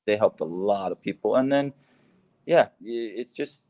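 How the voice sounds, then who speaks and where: A man's voice: on the low side, animated, normal speed, a little mellow. A man co-hosting a casual conversation, upbeat and enthusiastic, laughing easily. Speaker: co-host, expat living in Laos.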